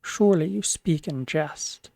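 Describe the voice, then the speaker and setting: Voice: medium pitch, measured pace, gravelly, mellow. A streamer voicing a proud, suspicious dwarf chieftain while reading game dialogue aloud, scornful in manner. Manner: scornful, mocking laughter.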